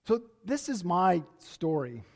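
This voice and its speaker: A man's voice: high voice, big pitch swings, slow. A man, a pastor, preaching a conversational sermon in a church, telling stories with frequent restarts.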